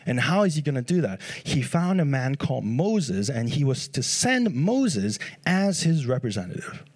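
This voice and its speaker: A man preaching a sermon in an animated way, full of rhetorical questions. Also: medium pitch, moderate pace, slightly rough.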